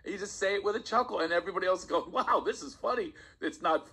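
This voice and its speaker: A man, a stand-up comedian, telling stories on a podcast in a casual, animated way and often laughing as he talks. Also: sits high, fast talker, slightly rough, poor audio. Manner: animated storyteller, laughs while talking. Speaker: guest comedian.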